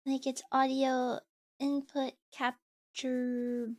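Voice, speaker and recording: A woman's voice: high-pitched, level tone, extremely slow, no echo. A woman streamer chatting casually with her viewers, rambling along with lots of fillers and restarts. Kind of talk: casual live-stream chat. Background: faint background music.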